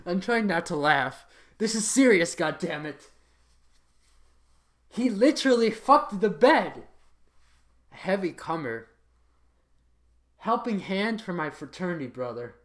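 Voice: mid-range voice, lively intonation, a little slow, pauses often. An adult reading a list of titles aloud for comic effect, in a mock-serious voice that keeps breaking into laughter, sometimes switching to an announcer voice. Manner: occasional announcer voice.

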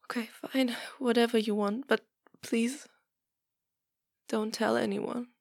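A woman's voice: on the high side, steady tone, moderate pace, gravelly, dry recording, studio quality. A woman in a whispered role-play, talking in a pleading, hesitant way that often drops to a whisper. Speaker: audio role-play performer.

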